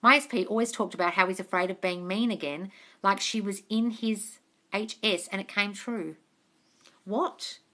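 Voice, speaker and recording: An Australian woman with a bright, forceful voice runs a casual live Q&A from home. She reads viewer comments aloud and answers them frankly, swearing without much hesitation and calling everyone darling. Her delivery sounds like she is talking into a phone on a live stream. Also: medium pitch, steady tone, normal speed. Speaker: manifestation coach.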